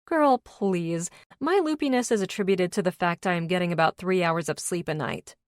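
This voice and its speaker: A woman's voice: fairly low pitch, normal speed, dry recording, studio quality, close to an everyday voice. A woman narrator voicing a worn-out, blunt, teasing new mother in an audiobook.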